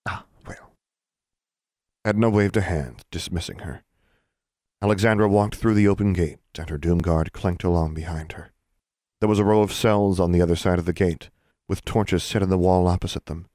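A man reading a story aloud as audiobook narrator, in a steady, measured voice. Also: deep voice, no room sound, studio quality. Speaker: audiobook reader.

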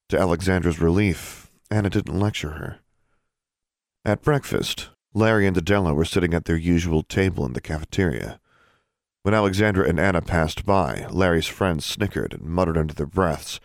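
A man reading a novel aloud as a narrator, even and unhurried. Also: sits low, no echo, studio quality. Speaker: audiobook narrator. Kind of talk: scripted narration.

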